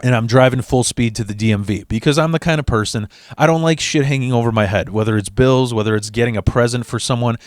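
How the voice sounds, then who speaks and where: A man telling a comedic personal story in a rambling, profane monologue, acting out the dialogue with shifting voices and jumping between fast and slow delivery. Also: mid-range voice, no echo, clean studio sound.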